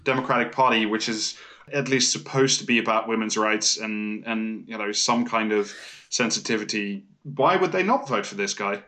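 A man's voice: lowish voice, moderate pace, sharp tone. A man co-hosting a casual political chat, talking with incredulous, laughing mockery.

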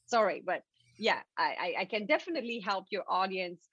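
A French Canadian woman, a native French speaker, explaining a mindset technique as a podcast guest in an animated, repetitive way. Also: mid-range voice, brisk, slightly rough, no echo. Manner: animated, repetitive, stumbling restarts. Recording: dull lo-fi dry recording.

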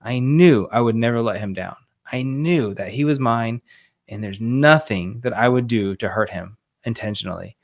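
A man's voice: medium pitch, normal speed. Earnest man telling a family story. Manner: earnest, emotional, quotes others in his telling. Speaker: podcast guest, fatherhood coach. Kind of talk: casual interview storytelling.

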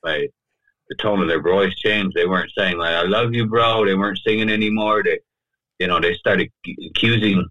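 Man, low voice, bright forceful tone, podcast guest, conversational storytelling, loose filler-heavy talk, dry close mic. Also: steady tone, moderate pace, no room sound, highs cut off. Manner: loose and talky, fills with "you know" and "right?". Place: podcast studio.

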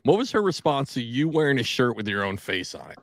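A man hosting a podcast in casual chat, wry and profane, firing quick questions. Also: mid-range voice, sing-song, no room sound. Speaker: podcast host. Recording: dry close-mic studio sound.

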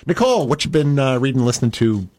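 A man hosting a library radio show, greeting listeners and talking in a friendly, halting way with many uhs. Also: medium pitch, sing-song, darkish tone, no room sound. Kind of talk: casual radio chat.

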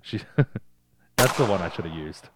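A man's voice: deep voice, normal speed, very noisy. A man co-hosting a casual movie recap podcast, swearing freely and acting out scenes in silly voices. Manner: profane, animated, acts out scenes in silly voices. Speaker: podcast co-host.

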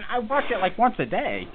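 A man's voice: high-pitched, wildly swooping pitch, measured pace. A man hosting a podcast in casual chat, rambling and joking at his own expense. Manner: rambling, joking, self-deprecating. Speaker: podcast host. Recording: tinny phone-like audio with faint hiss.

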